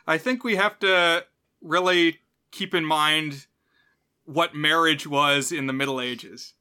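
Man, podcast co-host, bright forceful tone, slightly high voice, joking casual chat. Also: smooth. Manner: upbeat, joking, quick asides.

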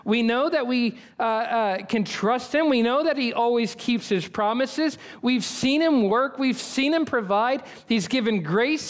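Man, pastor, high voice, sermon, earnest, emphatic, repeats key phrases.

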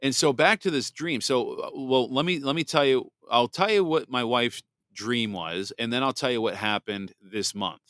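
Male podcast host, candid rambling testimony, dry close mic, mid pitch. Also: normal speed, few pauses, a bit bright, dry recording. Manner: candid, rambling, with many restarts. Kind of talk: personal testimony monologue.

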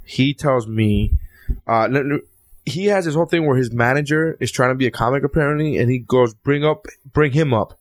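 A man and stand-up comic telling a story in casual chat, quoting people in animated voices and swearing freely. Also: medium pitch, a little fast. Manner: animated anecdote-telling with quoted voices, profane.

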